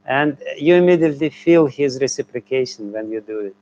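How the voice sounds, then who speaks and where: A man's voice: medium pitch, animated, brisk, a little mellow, muffled recording, slight background noise. A man, a spiritual teacher, answering a question with a hesitant, chuckling manner and many fillers.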